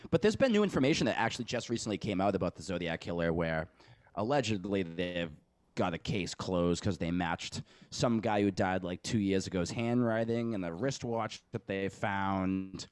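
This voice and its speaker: A man's voice: deep voice, animated, moderate pace, no echo. A man hosting a podcast, talking in rambling, profane casual banter and laughing often. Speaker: podcast host. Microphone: podcast studio mic.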